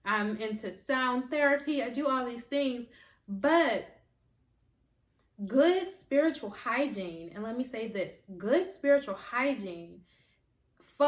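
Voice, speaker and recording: A woman's voice: fairly high pitch, expressive, a little slow. A woman, a holistic healer from the United States, telling a personal spiritual story in an earnest, emotional way with lots of repetition. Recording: echoey room.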